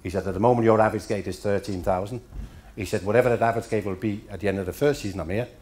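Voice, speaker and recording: A man's voice: fairly low pitch, very fast, darkish tone, a little hiss or hum. Danish-born man telling after-dinner stories. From Denmark. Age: middle-aged. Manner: dry storytelling with punchlines. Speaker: after-dinner guest speaker. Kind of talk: after-dinner speech with anecdotes. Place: hotel function room.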